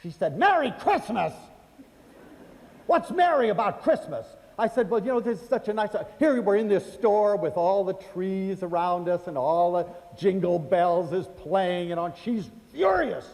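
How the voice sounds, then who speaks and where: An older man from the United States telling personal stories to an audience, chatty and animated, acting out the voices of the people in them. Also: high-pitched, moderate pace, creaky, hardly any pauses. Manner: animated, acts out quoted voices, chatty fillers. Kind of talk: storytelling lecture to an audience. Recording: hall reverb.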